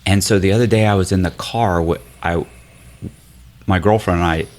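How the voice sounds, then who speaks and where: Deep-voiced man telling an animated story. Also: normal speed. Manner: animated storyteller, often mimicking others' voices. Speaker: podcast guest. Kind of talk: casual storytelling conversation. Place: hotel room makeshift studio.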